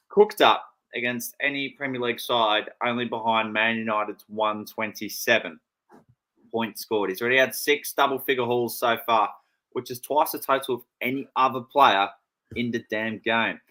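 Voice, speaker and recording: A man with a bright, forceful voice co-hosting a podcast over an online call. He banters drily and runs through his stats in casual chat. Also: mid-range voice, rough recording. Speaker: podcast co-host.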